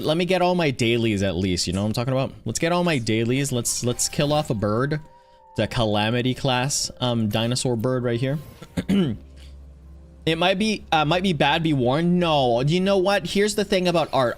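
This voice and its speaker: A man streaming a video game, chatting casually and rambling while he greets viewers by name. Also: medium pitch. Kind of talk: casual chat while playing.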